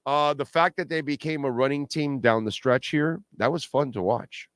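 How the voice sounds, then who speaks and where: A man's voice: medium pitch, normal speed, no room sound. Blunt, emphatic middle-aged man, dry sound. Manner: animated, emphatic, repeats himself for stress; blunt and salty, pleads with viewers. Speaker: sports talk show host. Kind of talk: postgame sports talk livestream.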